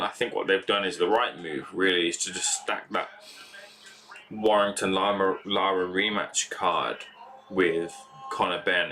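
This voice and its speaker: Young male streamer, low forceful voice, rambling casual chat. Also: a little hiss or hum. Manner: rambling, chatty, many fillers. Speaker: live stream host. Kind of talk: casual live reaction stream.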